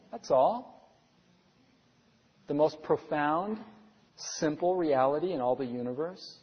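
Middle-aged man, pastor, earnest sermon, rhetorical questions, high voice, muffled lo-fi recording. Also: lively intonation, slow, long pauses. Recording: dull lo-fi sound with long hall reverb.

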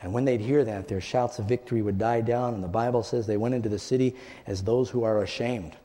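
A man preaching a sermon, telling a story dramatically, his voice rising high and dropping to a hush. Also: fairly even intonation, fairly quick. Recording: long hall reverb.

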